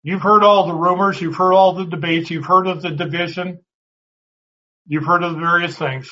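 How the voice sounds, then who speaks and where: A man's voice: high-pitched, steady tone, normal speed, sharp tone. A man teaching a Bible class in a conversational way, often restarting words and putting questions to the class. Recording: dull lo-fi recording.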